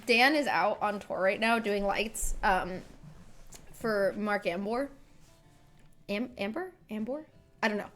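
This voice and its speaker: A woman's voice: mid-range voice, slow pace, long pauses, fairly bright tone, soft background music. A woman streamer chatting casually and rambling as she reacts to videos. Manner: chatty, rambling, self-deprecating.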